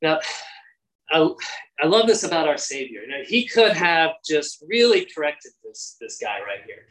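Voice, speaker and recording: A man's voice: a little high, very animated, normal speed, a bit bright, poor audio. A man preaching a devotional sermon in an earnest, prayerful way, acting out quoted lines with lifted energy.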